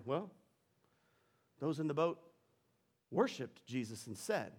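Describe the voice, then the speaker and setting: A man pastor preaching a sermon, telling Bible stories with animated energy and building intensity. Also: slow, pauses often, husky. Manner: animated storytelling, rising in pitch and volume during dramatic retellings.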